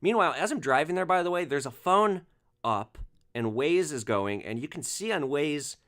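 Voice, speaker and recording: A man hosting a podcast, telling a rideshare story in an animated monologue and acting out the passengers' lines. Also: a little high, normal speed. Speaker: podcast host, former rideshare driver.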